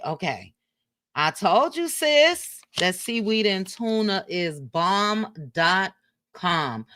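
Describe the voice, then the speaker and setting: Slow-talking woman hosting a casual livestream. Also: lowish voice, dry recording, clean studio sound. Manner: chatty, reads out loud while talking to viewers. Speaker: livestream host.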